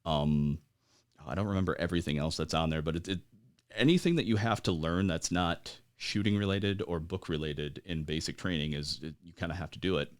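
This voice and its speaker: A man in his forties, an American military veteran, telling his story as a podcast guest in a halting way, with lots of fillers and wry laughs. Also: sits low. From United States. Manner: halting, many fillers, laughs at grim moments. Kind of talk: conversational interview storytelling.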